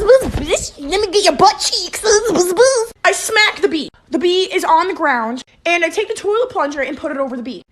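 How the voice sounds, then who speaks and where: A woman's voice: extremely high pitch, bright, forceful tone. A woman telling a comic storytime, giggly, playful and exaggerated.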